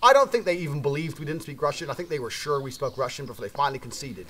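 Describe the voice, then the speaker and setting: Man, from Britain, brash, swearing, fast, faint background noise. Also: a little high, lively intonation, a bit bright. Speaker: storyteller. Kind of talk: profane anecdote telling.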